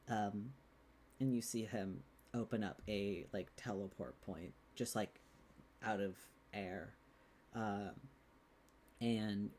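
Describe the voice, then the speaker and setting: A man narrating a tabletop game as game master, rambling with many "um"s and "like"s. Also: fairly low pitch.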